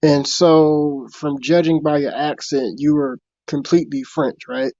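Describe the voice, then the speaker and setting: A man's voice: a little high, fairly even intonation, unhurried, warm tone, dry recording, lo-fi sound. A man calling in to a live stream, asking questions hesitantly with lots of fillers. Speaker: caller. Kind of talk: call-in conversation.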